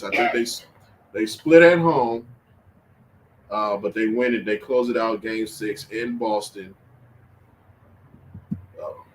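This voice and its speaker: Male livestream host, mid-pitched voice, casual slangy sports banter with an animated trash-talking streak, faint background hum. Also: poor audio.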